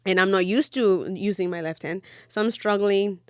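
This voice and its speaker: A woman's voice: mid-range voice, normal speed, smooth, dry recording, studio quality. A young woman, casually telling a story on a podcast and switching between English and mid-sentence. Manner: mixes English and Spanish mid-sentence, animated retelling. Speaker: podcast co-host.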